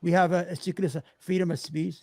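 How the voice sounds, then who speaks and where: A man's voice: sits high, flat delivery, quick pace, darkish tone, no echo, clean studio sound. A man arguing in a heated casual debate, blunt and repetitive, with frequent stumbling restarts. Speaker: debate guest.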